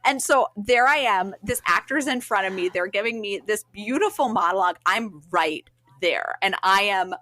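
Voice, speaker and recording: A woman co-hosting a podcast, telling stories in an animated, self-deprecating way. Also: medium pitch, moderate pace, few pauses, no echo. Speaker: podcast co-host. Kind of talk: casual podcast chat.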